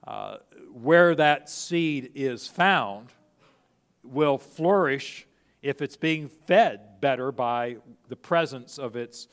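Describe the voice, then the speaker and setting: A man's voice: mid-range voice, expressive, takes it slowly, long reverb tail. A middle-aged male pastor preaching a sermon in a conversational way, often restarting phrases and acting out quoted speech.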